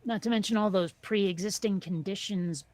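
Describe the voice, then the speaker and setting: A woman's voice: medium pitch, normal speed, a little mellow, dry recording. A woman hosting a casual group chat, talkative and self-deprecating, trailing off with fillers. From New York area. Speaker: host.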